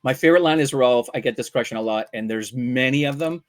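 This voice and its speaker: A man from Vancouver, a voice actor telling casual, animated anecdotes and bursting into loud character voices. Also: medium pitch, quick pace. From Vancouver, Canada. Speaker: voice actor guest.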